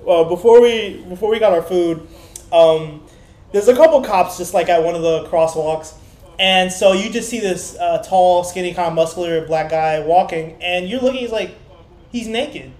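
A man with a high, light voice chats loosely on a podcast, rambling through a profane story and slipping into the voices of the people he quotes. He sounds as though he is in a roomy space with a lot of echo. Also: moderate pace, darkish tone. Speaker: podcast co-host. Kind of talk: casual chat.

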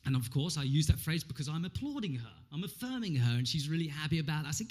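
A man in his thirties preaching a lively, humorous sermon, acting out voices and jokes as he goes. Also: a little high, quick pace, few pauses. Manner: animated, humorous, acts out quotes. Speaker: pastor.

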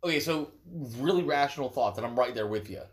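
Young man, mid pitch, laid-back, prompting, podcast co-host. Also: lively intonation, fast talker. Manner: laid-back, prompting, lots of short agreements. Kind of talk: casual podcast chat.

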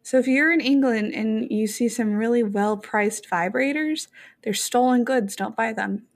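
A woman co-hosting a podcast in casual chat, animated and joking, with frequent swearing. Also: on the high side, measured pace. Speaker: podcast co-host.

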